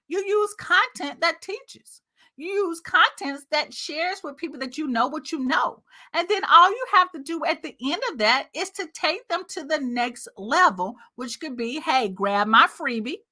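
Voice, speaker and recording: A woman's voice: high voice, bright, forceful tone. A woman marketing coach talking casually and upbeat to her viewers, chatty and direct, calling them y'all. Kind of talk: casual talking-head video.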